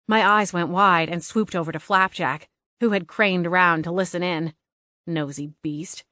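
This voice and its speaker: Lower-voiced woman narrating an audiobook. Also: steady tone, normal speed, bright, forceful tone, no room sound, studio quality. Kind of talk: first-person scripted narration.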